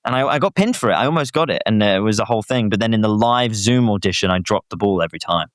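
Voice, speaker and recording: British man, animated, rambling. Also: lowish voice, fast talker, no room sound, studio quality. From Britain. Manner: animated, self-deprecating, rambling storyteller. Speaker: guest actor. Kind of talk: casual chat.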